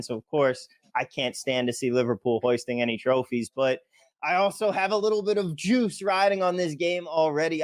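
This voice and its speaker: A man's voice: fairly high pitch, no room sound, studio quality. An American man hosting a sports betting podcast, talking upbeat and casual with frequent restarts. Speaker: podcast host.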